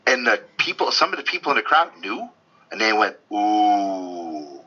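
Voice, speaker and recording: A man on a convention panel telling a story in a casual, animated way, stammering and restarting often. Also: mid-range voice, a little fast, breathy edge. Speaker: convention guest. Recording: dull lo-fi sound.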